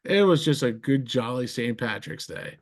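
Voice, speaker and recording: A man from New Jersey hosting a casual podcast chat, telling stories with lots of restarts and high put-on voices for the people he quotes. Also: normal speed. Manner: animated storyteller, jumps to a much higher pitch for quoted voices. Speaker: podcast host.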